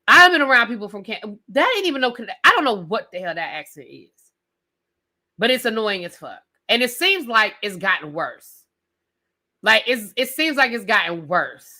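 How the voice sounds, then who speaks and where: A sassy woman hosts a live rant, talking straight to her chat and repeating questions for emphasis. Her voice sits a little high and comes through bright and forceful. She keeps an animated, loose, conversational flow. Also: moderate pace. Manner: sassy, talks straight to chat with "y'all" and "baby". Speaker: host of a live review stream.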